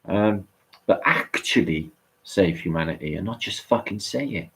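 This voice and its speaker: A man with a British accent, co-hosting an online chat show, talking in an excitable, rambling way and swearing often. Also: sits low, moderate pace. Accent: British English. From England. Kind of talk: rambling casual chat on a livestream.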